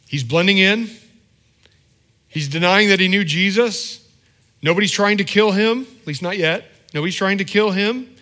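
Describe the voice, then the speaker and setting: A man's voice: high-pitched, a bit bright. A male pastor giving a conversational sermon, often restarting and repeating words as he thinks aloud.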